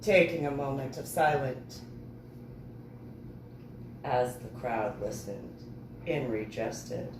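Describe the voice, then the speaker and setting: Woman reading her book out loud, really slow, echoey room, far off the mic. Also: animated, slight background noise. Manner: slow, deliberate reading with a wide pitch swing. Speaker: author reading her novel. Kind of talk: reading a novel aloud.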